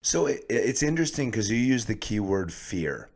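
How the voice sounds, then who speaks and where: A male podcast host with a somewhat low voice. He stumbles and restarts as he works toward his questions in an easy conversational tone. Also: very animated, darkish tone. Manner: halting, with frequent restarts when posing questions.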